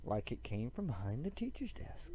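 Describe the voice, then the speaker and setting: A man's voice: medium pitch, wildly swooping pitch, normal speed, low-quality recording. A man livestreaming a game, reading its dialogue aloud with loose, joking asides. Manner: loose, joking asides between read lines. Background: game music.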